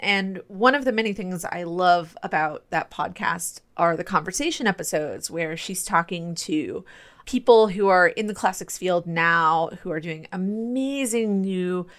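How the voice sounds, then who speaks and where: A woman's voice: on the low side, a little slow, a bit bright. A young adult woman co-hosting a podcast, explaining things in an enthusiastic, nerdy, rambling way. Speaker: podcast co-host. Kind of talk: casual podcast chat.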